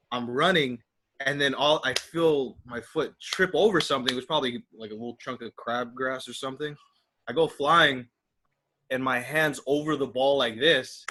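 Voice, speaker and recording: A young man casually telling a rambling, animated story on a podcast with friends. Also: mid-range voice, poor audio. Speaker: podcast co-host.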